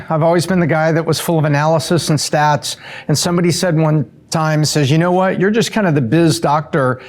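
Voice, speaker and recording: A middle-aged man from the US East Coast answering quick questions in a casual, upbeat way, with fillers and self-corrections. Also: a little high, steady tone. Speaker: show regular answering rapid-fire questions.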